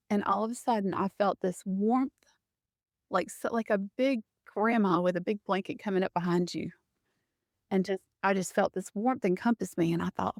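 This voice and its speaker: A middle-aged woman telling a personal story as a guest, animated and often breaking into laughter. She restarts her sentences as she goes. Her voice sits mid-range and sounds close and dry. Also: medium pitch, moderate pace, no echo.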